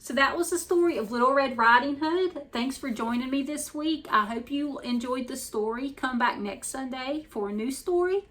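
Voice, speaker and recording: A woman's voice: high voice, normal speed, hardly any pauses, fairly bright tone. Woman reading a storybook aloud. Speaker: storyteller host. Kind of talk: reading a picture book aloud.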